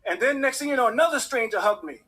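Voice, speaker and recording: A man telling a personal story in an animated way, acting out the people in it. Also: very high voice, quick pace, breathy edge. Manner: animated, acts out the voices of people in his story. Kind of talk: personal story told to an audience.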